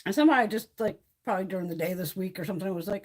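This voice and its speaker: A woman's voice: fairly low pitch, lively intonation, very fast, few pauses, darkish tone, breathy edge. A middle-aged woman from Connecticut, chatting casually on a live stream from her phone at home, telling rambling, profane stories. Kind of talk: casual chat. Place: home by a wood stove.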